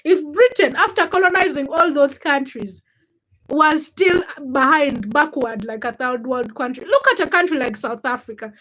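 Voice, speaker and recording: High-voiced outspoken young woman streamer. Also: normal speed. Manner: outspoken, animated, thinks aloud with restarts. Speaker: livestream host. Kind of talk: casual livestream chat, reading viewer comments.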